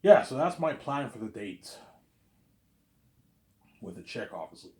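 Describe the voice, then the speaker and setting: A man's voice: medium pitch, sing-song, unhurried, a little mellow, reverberant. A man talking in a casual, rambling monologue, repeating himself and tagging lines with "obviously". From lives in Quebec, Canada. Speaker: vlogger.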